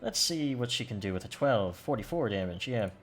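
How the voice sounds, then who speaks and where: A man's voice: mid-range voice, lively intonation, brisk, soft background music. A man acting as game master, narrating combat and rulings in a loose way that searches for words. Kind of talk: running a tabletop game, describing rules and combat.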